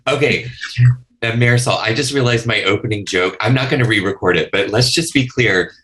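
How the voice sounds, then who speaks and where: A man's voice: on the low side, fairly quick, sharp tone. A man co-hosting a casual recap podcast, chatty and campy, with playful asides. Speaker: podcast co-host.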